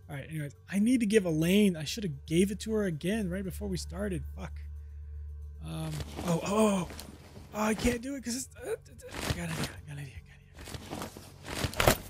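Irritated high-voiced man swearing at a game. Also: expressive, moderate pace, over music. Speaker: gaming channel host. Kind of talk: let's play commentary. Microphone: headset.

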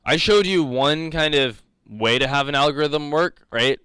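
A man's voice: on the high side, moderate pace, sharp tone, clean tone, dry recording. A young man teaching a live coding lecture, rambling and joking, laughing often. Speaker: coding instructor.

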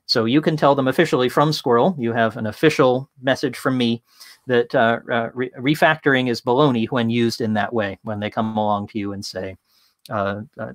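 Man, casual talk from home, chatty with lots of fillers, mid-pitched voice, dry close sound. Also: normal speed, no room sound. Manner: casual, many fillers, lively storytelling. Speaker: tech consultant and speaker. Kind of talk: interactive online talk.

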